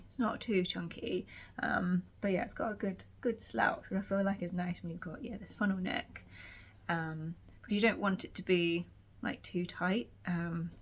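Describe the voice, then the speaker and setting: Slightly croaky woman chatting about sewing. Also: lowish voice. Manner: chatty, rambling with many fillers. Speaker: sewing vlogger. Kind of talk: casual chat to camera. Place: home sewing room.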